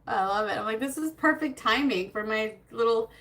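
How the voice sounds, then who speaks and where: Bright, chatty woman hosting a live stream. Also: a little high, moderate pace. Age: adult with a child. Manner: chatty and scattered, greeting viewers by name; nervous, self-conscious laughter. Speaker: beauty livestream host. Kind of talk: casual live-stream chat.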